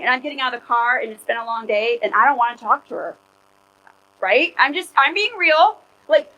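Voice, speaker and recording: A woman in her forties preaching in a loose, conversational way. Her voice sits a little high, and she talks candidly, with plenty of "like" and "you know". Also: sharp tone, rough recording. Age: 40s. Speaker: pastor. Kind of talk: conversational sermon.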